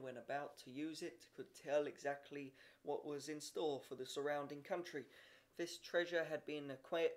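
A man reading a short story aloud in a steady amateur audiobook style, with occasional slips and restarts. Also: a little high. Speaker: reader.

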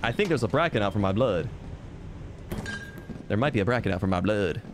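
A man's voice: lowish voice, lively intonation, fairly quick, noisy background. Playful joking male game streamer. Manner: playful, rambling, self-mocking jokes. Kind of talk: casual gameplay commentary. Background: piano game music.

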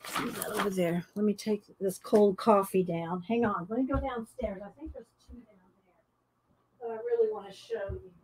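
A woman's voice: medium pitch, moderate pace, darkish tone, slight background noise, poor audio. A woman hosting an art channel, chatting casually and rambling as she shows her books. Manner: rambling, chatty, thinks aloud. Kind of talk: casual chat showing books.

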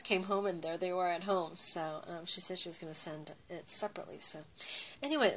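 This craft YouTuber is a young woman with a medium-pitched voice that sounds pushed and bright. She chats casually with viewers while unboxing handmade craft gifts, using plenty of fillers and gushing over the details. The recording is rough, with a faint hiss or hum.

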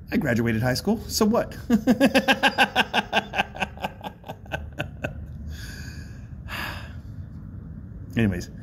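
A man's voice: medium pitch, vocal fry, slight background noise. Chatty man vlogging outdoors. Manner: chatty, self-mocking, laughs often. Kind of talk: rambling casual monologue. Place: outdoors by a bridge.

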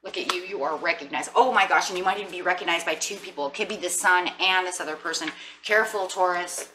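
A bright, sharp-toned woman gives a casual tarot reading, chatty and sassy. Her voice sits a little low for a woman. She sounds slightly away from the mic, with faint hiss behind her. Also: fast talker, far from the mic. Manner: playful, sassy, chatty with laughs. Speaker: tarot reader.

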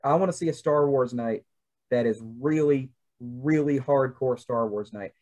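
A man's voice: mid-range voice, measured pace, warm tone. Chatty young Southern man. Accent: Southern American. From American South. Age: young adult. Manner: chatty, rambling with many fillers. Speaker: podcast co-host. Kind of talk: casual chat.

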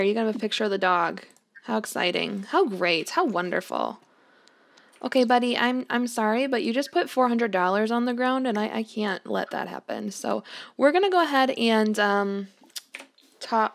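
A young woman hosts a let's play of a life-sim game, chatting through her gameplay commentary and talking fondly to the characters on screen. Her voice is fairly high and gravelly.

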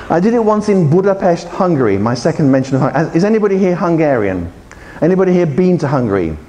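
A man talks to a hall full of teachers. His voice sits a little high and swings widely, and he is playful as he quizzes the room. A long echo from the conference hall trails his words. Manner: animated, playful, acts out voices and quizzes the audience. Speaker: conference speaker, English teacher trainer. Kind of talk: lively conference talk with audience interaction.

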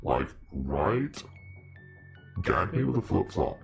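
A man puts on a ditzy valley-dude demon, all airy slang and gushing. The voice stays rooted in a very deep register, lifted into a bubbly tone. Faint music plays behind. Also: very animated, slow pace, gravelly, full character voice. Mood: mock-gushing.

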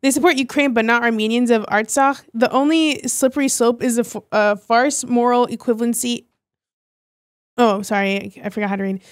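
A woman's voice: on the high side, steady tone, fairly quick, no echo. Young woman reading posts aloud, dry sound. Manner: casual, reads quotes aloud with slips. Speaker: podcast co-host.

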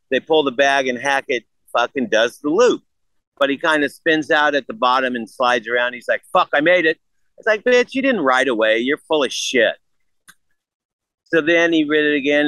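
A man in his sixties, appearing as a podcast guest, tells a story in a casual, animated way, swearing freely and acting out quoted exchanges. His voice sits at a medium pitch, with no room sound and poor audio quality.

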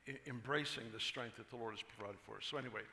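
Male pastor, sermon, relaxed storyteller, bright gravelly voice, echoey large hall. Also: medium pitch, rapid-fire. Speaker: pastor, conference speaker. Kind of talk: sermon with told jokes. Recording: echoey hall, faint noise.

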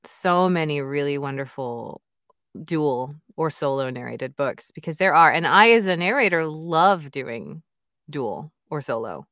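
A woman's voice: sits low, expressive, a little slow, fairly bright tone, no room sound, clean studio sound. A woman audiobook narrator and author chatting in an interview, enthusiastic and full of fillers. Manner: chatty and enthusiastic, many "like" and "you know" fillers. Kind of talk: casual interview chat.

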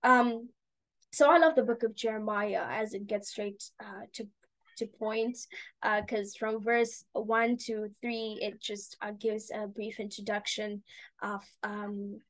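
A woman's voice: medium pitch, low-quality recording. A woman giving an earnest devotional talk, reading scripture and exhorting her listeners with casual fillers. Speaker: preacher.

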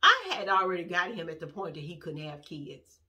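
Lively middle-aged woman telling a story. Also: on the low side, normal speed. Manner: animated, rambling, acts out quoted voices. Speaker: vlogger. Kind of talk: casual storytelling to camera.

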